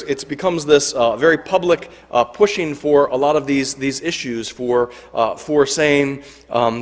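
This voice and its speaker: A man preaching a sermon as a priest, telling a story earnestly with repeated phrases and restarts. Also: on the high side. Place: church. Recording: long church reverb.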